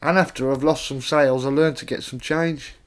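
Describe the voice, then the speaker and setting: A man's voice: medium pitch, fairly even intonation, brisk. A man from Staffordshire, an author reading his own rhyming poems aloud in a plain, conversational way, with casual spoken introductions between them. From Staffordshire, England.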